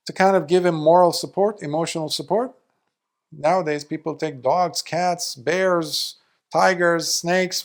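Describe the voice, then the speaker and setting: A man, a Buddhist monk, giving a storytelling Dharma talk and acting out the people in the tale. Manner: animated storyteller, acting out quoted speakers with big jumps in pitch and loudness.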